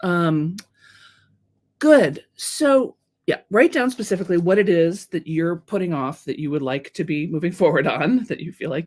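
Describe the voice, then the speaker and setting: A woman hosting a live-streamed coaching talk, frank and animated, who swears casually and reads out viewer comments. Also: fairly low pitch, normal speed, slightly rough.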